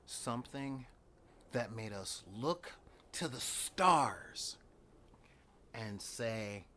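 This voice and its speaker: Slow-talking man with a wry drawl. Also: medium pitch, lively intonation, pushed and bright. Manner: wry, dramatic, sighing asides. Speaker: host. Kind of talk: casual rambling monologue.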